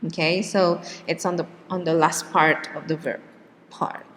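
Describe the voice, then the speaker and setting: A woman teaching English pronunciation in a slow lecture, with many "okay" and "yeah" check-ins. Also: deep voice, level tone, a bit bright. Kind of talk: classroom lecture. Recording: long hall reverb.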